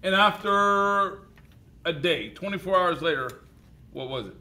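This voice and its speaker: Male teacher, playful classroom host, crisp bright tone, a little higher than most men. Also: lively intonation, unhurried. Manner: jokey, repeats students' answers loudly. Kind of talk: classroom interviews with students.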